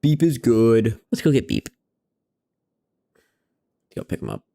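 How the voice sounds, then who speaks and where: Gravelly, animated man streaming a game. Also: mid-range voice, takes it slowly. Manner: playful, chatty asides to his pet cat. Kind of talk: casual let's-play commentary.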